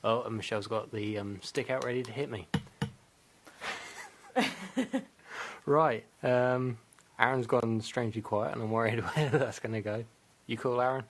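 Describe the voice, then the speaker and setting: A man's voice: mid-range voice, steady tone, a little fast, slight background noise. A man hosting a gaming podcast in casual, rambling chat, laughing often at himself. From Britain. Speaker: podcast host.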